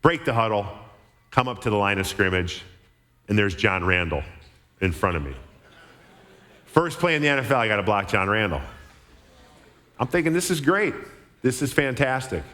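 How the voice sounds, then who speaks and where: A middle-aged man from Minnesota telling an animated, chatty story to a church crowd, often checking in with "okay?". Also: on the low side, moderate pace, long pauses. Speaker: guest speaker at church. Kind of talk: storytelling sermon talk. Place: large church auditorium. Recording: reverberant church hall.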